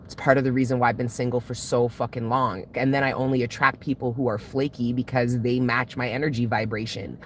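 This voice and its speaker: Hardly pausing, she talks fairly quickly in an extremely low, flat voice over a little hiss or hum. She's a woman who reads tarot on her channel, venting casually to viewers with blunt, profane language that repeatedly swells into emotional outbursts.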